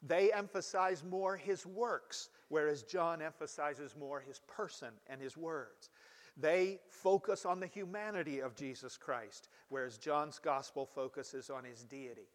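A man preaching a sermon as pastor, measured and steady, leaning on emphatic rises for key phrases. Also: a little high, big-room sound.

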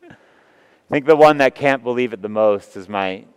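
A man preaching, retelling a story in the first person with earnest, emotional delivery and long pauses. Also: mid-range voice, clear, resonant tone. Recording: long reverb of a large hall.

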